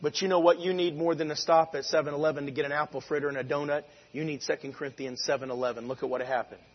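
A man preaching a sermon, moving between conversational asides and loud, drawn-out shouted lines of scripture. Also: on the high side, fairly even intonation, breathy edge, long reverb tail, lo-fi sound.

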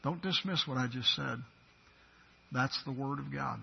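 A man preaching a sermon as pastor, swinging from loud, emphatic declarations to quiet, intimate asides. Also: medium pitch, measured pace, gravelly, husky, highs cut off.

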